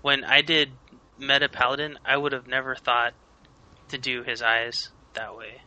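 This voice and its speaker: A man co-hosting a casual podcast chat, explaining things and trailing off softly. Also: medium pitch, level tone, normal speed, rough recording. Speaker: podcast co-host.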